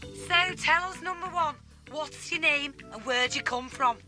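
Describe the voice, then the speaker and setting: A gushing, showy TV dating-show hostess from a cartoon, talking slowly in a bright, high, sing-song voice. Her pitch rises and falls a great deal. Music and a crowd can be heard faintly behind her. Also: heavily acted. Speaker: game show host.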